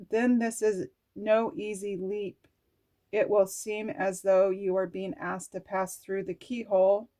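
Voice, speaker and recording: A woman's voice: mid-range voice, a little mellow. A woman reading oracle cards aloud in a video, gushing and exclaiming, often laughing or close to tears as she reacts to the words. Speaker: oracle card reader.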